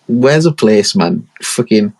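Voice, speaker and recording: A man's voice: lowish voice, lively intonation, slow pace, a little mellow. A young man hosts a podcast alone and tells a rambling, profane story full of street slang. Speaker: podcast host. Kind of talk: casual solo podcast storytelling.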